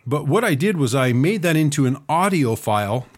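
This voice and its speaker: A man's voice: on the high side, sing-song, normal speed. A man recovering from a cold, talking around a lozenge while he hosts a talk radio news and commentary show. He fills his speech with "uh" and throws in sarcastic asides. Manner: sarcastic asides, frequent "uh" fillers.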